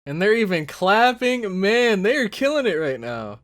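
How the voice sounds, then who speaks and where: A man giving casual reaction commentary, thinking out loud with lots of fillers and breaking into loud excited exclamations. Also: sits high, normal speed. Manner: thinks aloud with many fillers. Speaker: anime reaction host.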